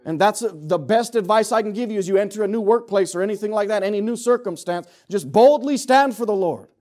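A middle-aged man preaching a sermon, swinging from loud urgent exhortation to low joking asides with the congregation. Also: fairly quick.

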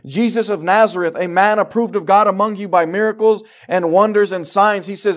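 Preaching with fervour, this high-voiced man sinks to a near hush before rising into loud, emphatic declarations. He talks a little fast and barely pauses.

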